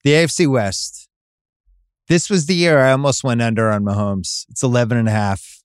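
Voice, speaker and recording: A man hosting a casual sports podcast, animated and chatty with quick asides. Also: medium pitch, clear, resonant tone, dry recording, clean studio sound. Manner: animated, quick asides, reads ads conversationally. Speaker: podcast host.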